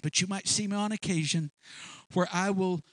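High bright-voiced preacher man, real animated, does little animal noises, dry sound. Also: normal speed, no echo. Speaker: pastor. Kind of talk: sermon.

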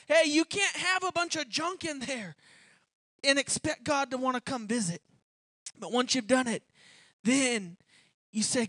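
A woman preaching an impassioned sermon, swinging from hushed pleading to shouted declarations and repeated appeals. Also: sits high, no echo.

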